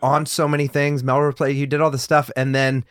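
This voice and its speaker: A man co-hosting a podcast, eager and casual, quick to agree with his guest. His voice sits at a middle pitch and sounds close and dry. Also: little pitch movement, clean tone, no room sound. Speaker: podcast co-host. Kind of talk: casual interview chat.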